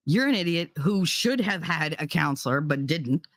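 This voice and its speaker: A woman's voice: deep voice, expressive, normal speed, no room sound, clean studio sound. A woman with a New Jersey accent giving a blunt, profane, fiery rant to her viewers. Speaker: vlogger. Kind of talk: ranting monologue.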